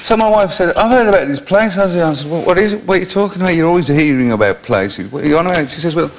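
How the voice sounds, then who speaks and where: Chat-show guest, man, rambling self-mocking storyteller, slightly high voice, faint hiss. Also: quick pace, poor audio.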